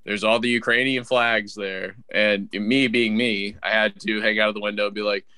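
A man's voice: fairly low pitch, moderate pace, smooth, no echo. Young guy cohosting a podcast, swears constantly, rambly and worked up, dry close sound. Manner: profane, rambling and excitable. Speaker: podcast co-host. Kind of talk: casual podcast banter.

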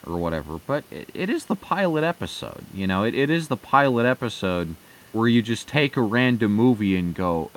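A man's voice: lowish voice, expressive, moderate pace. A man ranting in heated, profane commentary, full of fillers and restarts.

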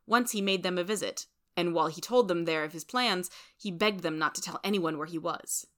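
Bright-voiced woman reading a story. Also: on the low side, fairly quick. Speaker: reader. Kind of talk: storybook narration.

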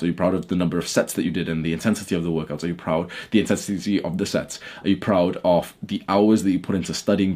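A young man with a husky, somewhat low voice talks straight to camera from his bedroom. He is blunt and heated, swears freely, and keeps pushing his point at the viewer. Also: darkish tone. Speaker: YouTuber. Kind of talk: casual talk to camera.

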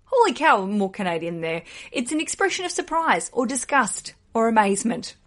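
A woman's voice: fairly high pitch, sing-song, normal speed, fairly bright tone. An Australian woman hosting a podcast, chatting casually in a playful, self-deprecating way. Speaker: podcast host. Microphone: podcast microphone.

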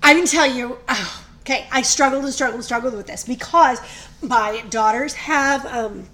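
Excitable thirties woman gabbing on a podcast, kinda high voice. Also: moderate pace. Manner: excitable, gushing. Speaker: podcast co-host. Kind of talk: casual chat.

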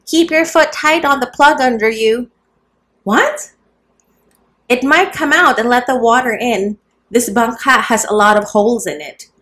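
A woman voicing a playful young former seminarian who loudly teases the women in the boat. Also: a little high, big pitch swings, a little slow, pitched above the performer's own voice, exaggerated voice. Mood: teasing. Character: excited young ex-seminarian man, teasing.

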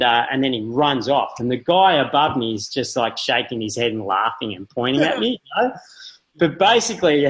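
Middle-aged man, husky voice, lively podcast guest who acts out every quote. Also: medium pitch, rough recording. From Australia. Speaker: podcast guest, marathon runner. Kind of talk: casual storytelling.

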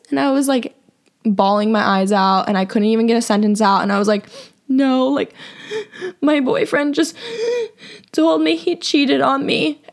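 A young woman hosting a podcast, telling a personal story in a casual, confessional way, filling her talk with "like" and acting out what others said. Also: medium pitch. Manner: chatty, heavy use of "like", acts out quoted voices. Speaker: podcast host.

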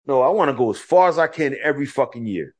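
A man co-hosting a casual podcast chat, his voice sitting at an ordinary middle pitch. He tells stories in an animated, profane way, acting out both sides of arguments. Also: quick pace. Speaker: podcast co-host.

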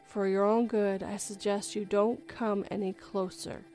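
A woman voicing a possessive male spirit hiding under a bed, speaking low and quietly with a menacing edge. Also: level tone, a little slow, faint music behind, close to an everyday voice. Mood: menacing calm.

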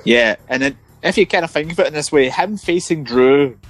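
A man hosting a podcast, steering the conversation and moving between topics in a relaxed, conversational way. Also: a little high, normal speed, soft background music, poor audio. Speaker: podcast host. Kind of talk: casual wrestling chat.

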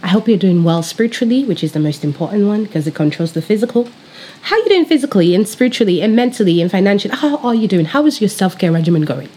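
Excitable high-voiced woman podcast host. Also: fast, husky. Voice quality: high-pitched. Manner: excitable, energetic, chatty. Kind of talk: casual faith podcast chat.

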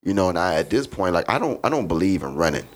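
This Chicago comedian, a guest in a podcast studio, tells a rambling, profane story in a casual way and keeps saying "you know what I mean." His voice is deep, with big pitch swings, and he talks fast.

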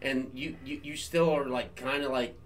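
A man's voice: mid-range voice, steady tone, normal speed. A man hosting a podcast, chatting casually, joking and swearing, sometimes doing silly voices. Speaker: podcast host. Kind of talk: casual chat. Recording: distant mic with faint background noise.

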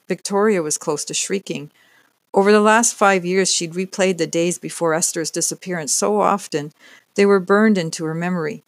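An audiobook narrator with an even, clear delivery. The voice sits at a middle pitch. The recording is dry and close. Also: normal speed, no room sound. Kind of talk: scripted narration.

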